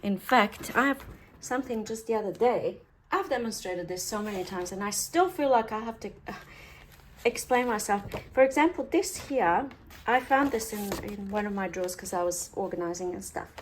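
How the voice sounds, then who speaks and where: A woman's voice: mid-range voice, lively intonation, normal speed, slight background noise. A woman chatting casually through a craft tutorial, talkative and playfully sarcastic.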